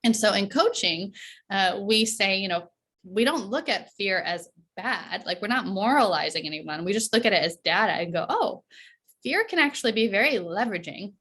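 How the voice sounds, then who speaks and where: A woman's voice: medium pitch, expressive, normal speed, fairly bright tone. Woman, performance coach, casual interview, chatty, frequent "right?", laughs often.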